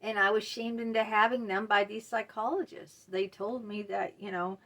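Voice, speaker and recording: A middle-aged woman speaks personally to her viewers in a candid, emotional way. She stops and restarts often, filling gaps with ums and you-knows. Her voice sits at an ordinary middle pitch. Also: fairly even intonation, a bit bright. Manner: candid, emotional, halting with many fillers. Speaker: mental health video host. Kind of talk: personal talk to camera.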